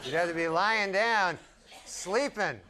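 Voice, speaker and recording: A man doing a stand-up comedy set in a deadpan, rambling way with long asides. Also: sits high, takes it slowly. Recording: live club recording with crowd laughter and noise. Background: audience laughing.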